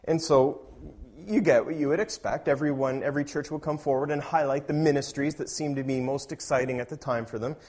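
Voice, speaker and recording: A man preaching a sermon as a pastor, talking in a conversational way and growing loud and emphatic when he reads scripture aloud. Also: on the high side, a little fast, hardly any pauses.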